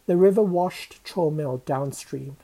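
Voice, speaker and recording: Woman, children's story read-aloud, unhurried, husky dark voice, expressive. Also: low-pitched, low-quality recording. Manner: expressive, shifts voice for each character.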